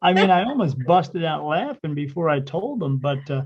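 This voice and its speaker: A man with a gravelly, husky voice, pitched a little high for a man, tells a rambling anecdote and acts out the back-and-forth dialogue. The sound is dull and lo-fi, like low-grade podcast audio. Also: big pitch swings, normal speed. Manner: rambling anecdote full of quoted dialogue and restarts. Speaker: spirit medium, podcast guest. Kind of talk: casual storytelling in a podcast interview.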